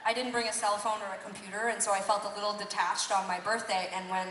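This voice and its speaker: A woman singer talks on a concert stage between songs, telling a rambling, apologetic story that pokes fun at herself. Her medium-pitched, fairly bright voice is flat and fast, heard through the PA and filmed from the crowd. The echoey hall is taped from far off, with a little hiss or hum.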